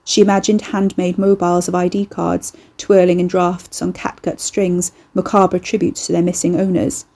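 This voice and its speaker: A woman reading a novel aloud as audiobook narrator, measured and even. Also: fairly low pitch. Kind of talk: scripted narration.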